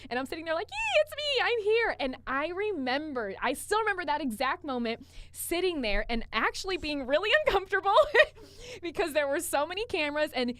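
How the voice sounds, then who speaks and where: A young woman co-hosting a coaching podcast, telling stories in an animated way and swearing freely. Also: sits high, a little fast, no echo. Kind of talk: casual chat.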